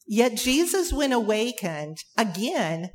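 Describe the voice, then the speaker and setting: Slow, emphatic woman preaching. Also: a little high, sing-song. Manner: emphatic, dramatic pauses and repetition. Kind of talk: sermon.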